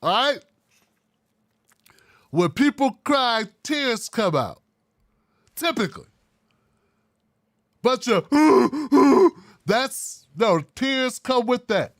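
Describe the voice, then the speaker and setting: A man hosting his own commentary show, talking bluntly with wry asides in a casual, animated way. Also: very high-pitched, slow, long pauses, dry recording, studio quality. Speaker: political commentary host.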